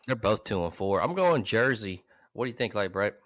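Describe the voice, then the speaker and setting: Bright-voiced, lively male podcast host. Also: on the low side, a little fast, no echo, studio quality. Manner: loose, profane, laughing banter. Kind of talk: casual comedic podcast chat.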